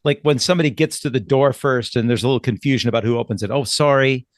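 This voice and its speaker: Midwestern male podcast co-host, calm and instructive, dry close sound, voice at a middling pitch. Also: rapid-fire, dry recording. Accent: Upper Midwest American. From Wisconsin. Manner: calm, instructive, acts out sample phrases. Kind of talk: advice podcast discussion.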